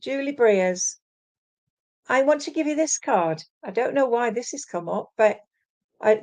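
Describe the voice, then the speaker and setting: A woman's voice: medium pitch, a little mellow. A woman giving psychic card readings on a live stream, calling viewers "sweetheart" as she relays messages from spirits. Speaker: psychic medium.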